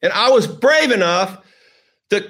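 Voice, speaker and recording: A man's voice: high-pitched, animated, measured pace, a bit bright. A middle-aged man hosting a vlog, telling a personal story with emotion, rambling and repeating phrases for emphasis. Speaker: host.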